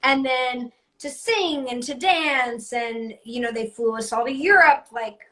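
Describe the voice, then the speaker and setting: A woman's voice: fairly high pitch, unhurried, a bit bright. A woman in her thirties, a guest voice actor, talking in a rambling, self-deprecating way full of "like". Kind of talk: casual interview chat.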